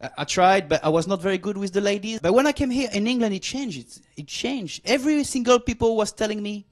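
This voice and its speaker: A French comedian in his forties, clearly enjoying himself, works a comedy club stage and teases the crowd with mock arrogance. His voice is fairly high for a man, expressive and fast, and he drags out his punchlines.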